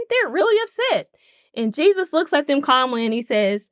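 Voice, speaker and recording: A woman's voice: high-pitched, big pitch swings, normal speed, dry recording, studio quality. A woman hosting a faith podcast in a casual, emphatic way, often checking in with her listeners. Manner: conversational, emphatic, checks in with "okay?". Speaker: podcast host.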